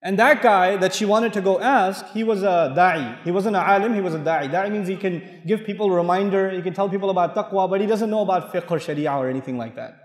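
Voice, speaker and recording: A man with a high voice delivers a quick, animated sermon, throwing rhetorical questions and reciting Arabic verses. His voice rings through a roomy hall with a long reverb tail. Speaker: Islamic lecturer.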